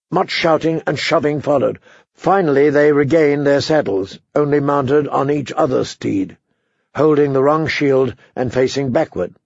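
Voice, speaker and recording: A man narrating a fantasy novel as an audiobook, with measured, dramatic storytelling. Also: fairly high pitch, a little mellow, no echo. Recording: dull, muffled audiobook recording.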